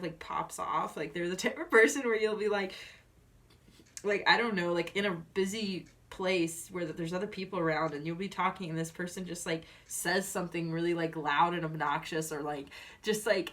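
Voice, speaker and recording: Chatty and giggly, a woman works through a casual tarot reading, her speech full of filler words. She has a medium-pitched, slightly bright voice, picked up a little far from the microphone over faint noise.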